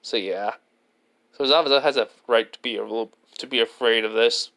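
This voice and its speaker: A man narrates an improvised fan-fiction tale in a smooth, clear voice of average pitch. He rambles, constantly restarting and padding his lines with filler words. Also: a little fast, bright, forceful tone. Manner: rambling, leans heavily on "basically" and restarts. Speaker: storyteller.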